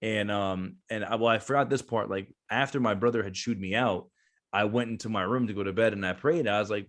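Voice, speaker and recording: A man's voice: fairly low pitch, fast. A man around thirty, a veteran business owner, telling a long casual story as a guest, with lots of fillers and restarts. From New Jersey.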